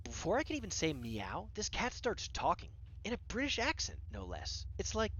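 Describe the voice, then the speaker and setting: A narrator telling a whimsical story as a casual, conversational voice-over, animated with dramatic pauses. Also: medium pitch, lo-fi sound, slight background noise.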